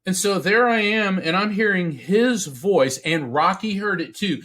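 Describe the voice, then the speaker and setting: A middle-aged man from Central Florida, a podcast guest telling a personal story in an earnest, halting way, with restarts, acting out the voices he quotes. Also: high voice, lively intonation, a bit bright. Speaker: podcast guest, psychic medium. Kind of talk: storytelling in a casual interview.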